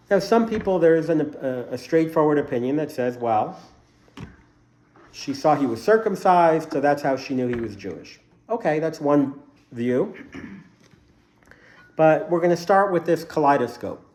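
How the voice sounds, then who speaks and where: A man's voice: on the high side, expressive, a little slow, pauses often, a little mellow, slight background noise. A man teaching a casual Bible study class to a group in a room, explaining the text by asking a string of questions.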